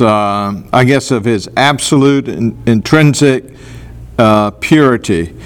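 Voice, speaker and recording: A man teaching a Bible passage to a class, slow and deliberate, pausing to stress single words. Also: mid-range voice.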